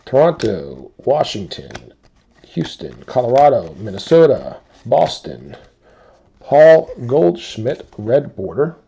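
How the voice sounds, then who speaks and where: Slow, mellow man calling card breaks. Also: mid-range voice, gravelly, breathy edge. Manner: slow, relaxed listing of teams and cards. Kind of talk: live card break commentary.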